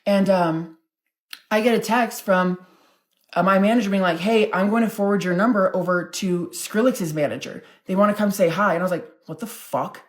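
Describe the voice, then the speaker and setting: A young woman tells a storytime on her vlog. She talks in a loose, chatty way, swears freely and leans on filler words. Her voice sits at an ordinary middle pitch. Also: normal speed. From Denver, United States. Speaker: content creator.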